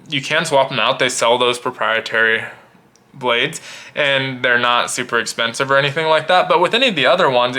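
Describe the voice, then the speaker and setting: A man casually demonstrating and reviewing gear, explaining in a relaxed way and thinking aloud with small restarts. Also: medium pitch.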